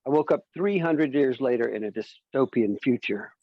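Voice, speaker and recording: A man's voice: medium pitch, animated, normal speed, no echo, highs cut off. A man doing a stand-up comedy set, telling stories and slipping into silly voices.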